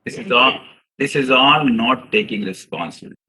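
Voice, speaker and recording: A man's voice: medium pitch, a little fast, sharp tone, rough recording. A man giving an earnest seminar lecture to fellow chartered accountants, telling stories and calling his listeners "sir". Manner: earnest, addresses audience as "sir", acts out quotes.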